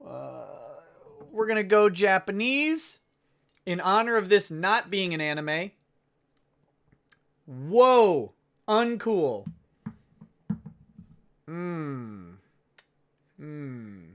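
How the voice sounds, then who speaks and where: A man's voice: sits high, sing-song, drawn-out words, long pauses, fairly bright tone. A man hosting a casual livestream, sarcastic and self-mocking, often breaking into laughter. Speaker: livestream host.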